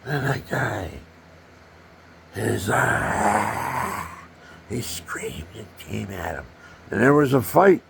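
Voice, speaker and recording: Gravelly older man telling stories. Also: lowish voice, drawn-out words, pauses often, slight background noise. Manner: animated, acts out punches with sound effects. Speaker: storyteller. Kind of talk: rambling personal storytelling.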